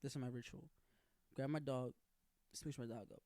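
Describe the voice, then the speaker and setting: A man's voice: medium pitch, steady tone, moderate pace, darkish tone, no room sound. A young man in casual podcast chat, loose and joking, swearing freely and acting out what people said. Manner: loose, joking, swears a lot, acts out quotes. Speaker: podcast co-host.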